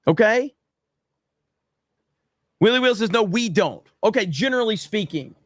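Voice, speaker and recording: A man's voice: high-pitched, lively intonation, measured pace, a bit bright, no room sound, clean studio sound. A man hosting a casual livestream, reading out viewer messages and answering them in a profane, exasperated, joking way. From United States. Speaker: livestream host. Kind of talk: casual livestream chat reading super chats.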